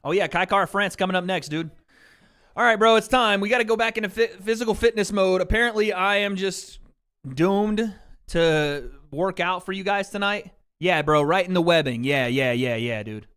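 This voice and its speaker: A man's voice: high voice, normal speed, fairly bright tone, clean tone. A man hosting a casual livestream, chatting loosely with his viewers through a desk mic and tossing in plenty of "bro" and "dude.". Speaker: livestream host. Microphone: desk mic with mixer.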